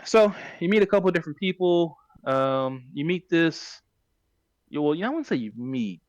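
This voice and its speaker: A man's voice: fairly high pitch, animated, normal speed, no echo, dull audio. A man hosting a podcast, recapping a story in casual chat and often correcting himself mid-sentence. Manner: rambling, self-correcting retelling. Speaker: podcast host.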